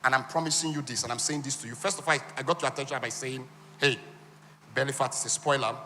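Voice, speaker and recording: A man giving a lively motivational talk at a business conference, now and then acting out other people's voices. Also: fast talker, slight background noise. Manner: animated, acts out high voices for women. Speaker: conference speaker. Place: large conference hall. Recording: reverberant hall.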